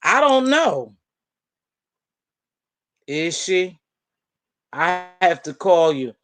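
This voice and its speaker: A woman hosting a casual live-stream panel, chatting and gossiping in an animated way and calling out friends by name. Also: on the low side, extremely slow. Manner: animated, talks straight to viewers and friends by name. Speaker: panel host.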